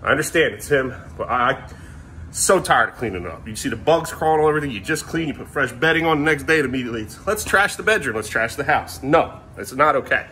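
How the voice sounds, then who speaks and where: A man's voice: medium pitch, fast, sharp tone, slight background noise. A man in a casual vlog, scolding in an exasperated way and repeating the same stern words over and over. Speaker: vlogger.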